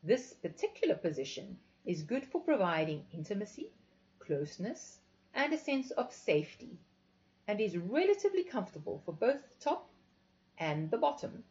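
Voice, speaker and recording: A woman's voice: mid-range voice, very animated, moderate pace, a little mellow, close to an everyday voice. A woman voicing a sultry, commanding female instructor who gives teasing, authoritative instructions. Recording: dull lo-fi recording.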